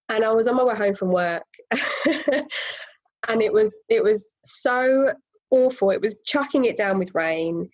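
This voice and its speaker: Woman guest, lively storyteller, laughs often, swings pitch up and down. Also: muffled recording. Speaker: guest, property investor. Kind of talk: casual conversational storytelling.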